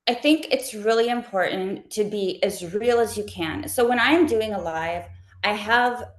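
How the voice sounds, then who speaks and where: A woman who makes live shopping videos, answering interview questions casually and talking fast like an animated storyteller. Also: mid-range voice. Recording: roomy echo.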